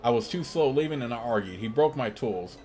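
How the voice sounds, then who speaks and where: A man's voice: medium pitch, animated, fairly quick, a little mellow, slight background noise, natural voice. A man voicing a drunk, angry male blacksmith who grumbles bitterly in broken sentences while reading a game's dialogue.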